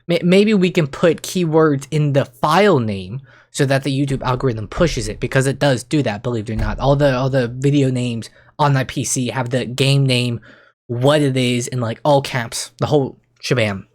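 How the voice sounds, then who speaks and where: A young man talking casually to camera as a streamer, rambling and excitable, often restarting his sentences and jumping in pitch when he gets worked up. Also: moderate pace. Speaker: streamer and YouTuber. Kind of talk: casual vlog monologue.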